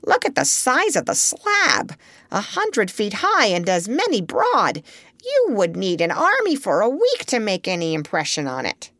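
A woman reading a storybook aloud, voicing a bossy, sharp-tongued old female parrot in a shrill, snapping manner. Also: huge pitch swings, unhurried, no room sound, clean studio sound, heavily acted. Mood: scornful.

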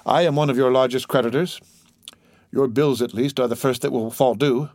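A man voicing a stern English creditor who talks calmly and in a businesslike way. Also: medium pitch, dry recording, clean studio sound, lightly acted. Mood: measured. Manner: calm, measured, businesslike.

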